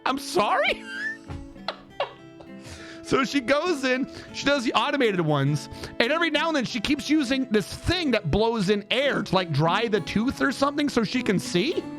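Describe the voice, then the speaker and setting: Male streamer, high and very lively voice, animated casual storyteller who laughs a lot. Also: moderate pace, faint music behind. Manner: animated, laughs often, jumps up high in pitch.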